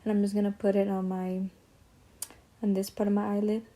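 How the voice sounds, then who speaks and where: A young woman talks through a story while she does her makeup. She is chatty and slangy, with asides and tangents. Her voice is mellow and soft rather than bright, at a middling pitch. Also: little pitch movement, brisk. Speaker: beauty vlogger. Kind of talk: casual story time while doing makeup.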